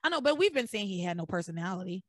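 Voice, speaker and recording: A woman hosting a podcast, recapping episodes in a blunt, animated way with some swearing. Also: mid-range voice, rapid-fire, no room sound, studio quality. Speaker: podcast host. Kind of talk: casual recap chat.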